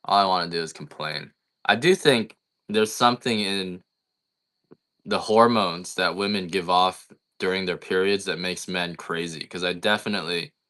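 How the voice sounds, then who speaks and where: A middle-aged man talks casually and bluntly on a livestream, wandering from one complaint to the next. His voice sits low in pitch yet has a tense, bright edge. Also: steady tone, moderate pace. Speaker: coffee farmer selling on a livestream.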